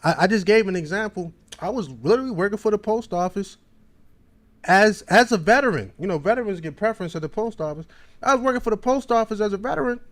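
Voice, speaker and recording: A man with a Baltimore accent hosting a podcast, telling a long, rambling story in casual slang. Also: high-pitched. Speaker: podcast host.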